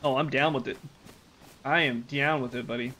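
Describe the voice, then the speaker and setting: A man's voice: medium pitch, steady tone, moderate pace, pushed and bright, slight background noise. A man from the United States, a game streamer chatting casually with his live chat while he plays, joking and rambling.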